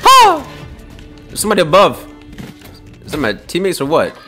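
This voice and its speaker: A man's voice: on the high side, fast, soft background music. A young man swearing and trash talking as he comments on his own gameplay. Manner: excitable, swearing trash talk. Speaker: gamer.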